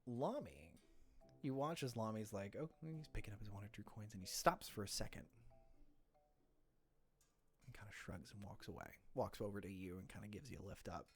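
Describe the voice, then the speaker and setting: A man's voice: lowish voice, moderate pace, pauses often, faint music behind. A man narrating as game master of a tabletop game, in a loose, meandering way with self-corrections.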